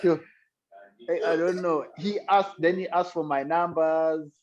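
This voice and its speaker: A man's voice: a little high, steady tone, a little slow. A man with a South African accent, a guest musician telling his story in an interview in a reflective, earnest way. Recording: dull lo-fi sound.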